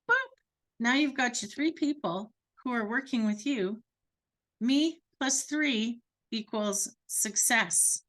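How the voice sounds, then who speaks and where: A woman coaching her business team, telling an animated story. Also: fairly high pitch, slow. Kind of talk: storytelling talk.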